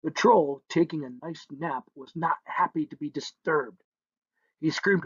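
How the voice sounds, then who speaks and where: A man's voice: on the high side, unhurried, fairly bright tone, slightly rough, dry recording. A man narrating a children's story in a playful way, humming sound effects between lines, on a dull lo-fi recording.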